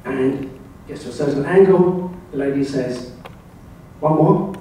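An older man from England giving a slide presentation at a club, telling wry, anecdotal stories in a relaxed way. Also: mid-range voice, measured pace, far from the mic, slight background noise. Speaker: club speaker. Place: club meeting room. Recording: very echoey room, voice heard from afar.

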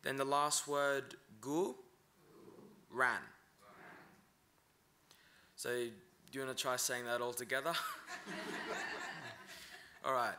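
A man's voice: medium pitch, flat delivery, sharp tone, a little hiss or hum. A man teaching pronunciation at a conference, breaking each word into syllables. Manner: slow, breaks words into syllables. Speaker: language teacher.

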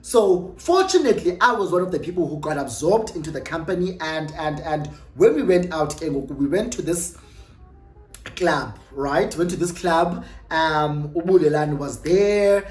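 A young adult YouTuber with a South African accent, telling a storytime in an animated, gossipy way and dropping in Xhosa phrases and tag questions. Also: medium pitch, normal speed. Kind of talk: storytime vlog. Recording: roomy echo with faint music.

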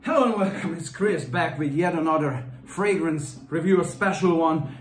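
A man's voice: a little high, moderate pace. A man casually reviewing a fragrance on video, rambling and chatty with lots of fillers and restarts. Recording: roomy echo.

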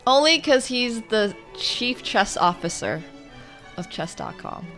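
A woman streaming her online chess games, talking through the moves and swinging from quiet muttering to loud outbursts. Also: a little high, sing-song, slow, faint music behind. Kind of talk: live commentary while playing online chess.

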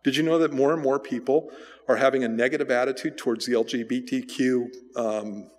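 A man's voice: mid-range voice, steady tone, a little fast. Casual man preaching in a reverberant hall. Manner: casual, rambling with restarts and fillers. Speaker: pastor. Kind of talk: conversational sermon. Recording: church hall with long reverb.

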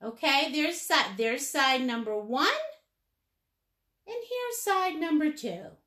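A woman's voice: high voice, lively intonation, slow pace, pushed and bright. A woman teaching a live painting lesson step by step, playful and chatty, with sing-song asides. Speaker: painting instructor.

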